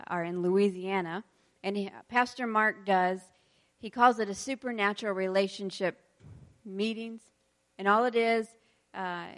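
Chatty woman preaching with laughs. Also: medium pitch. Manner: chatty, laughs often, leads prayer. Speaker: pastor's wife leading a church service. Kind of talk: casual sermon.

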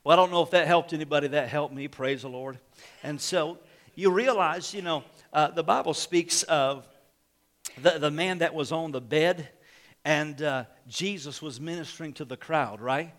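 A male pastor preaching a sermon with fiery shouts, calls of amen and exhortations to the congregation. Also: fairly high pitch, normal speed.

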